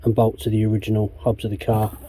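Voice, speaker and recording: English guy working on his van in the yard, low dark voice, rambling, swears a lot. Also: completely flat delivery, fast, a little hiss or hum. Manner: rambling, swears often, laid-back. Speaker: DIY van customizer vlogger. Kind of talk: casual workshop vlog while working.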